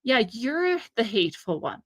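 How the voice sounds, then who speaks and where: A woman's voice: on the high side, very animated, moderate pace. Indignant woman delivering sarcastic commentary. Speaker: political commentator. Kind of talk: opinionated solo commentary.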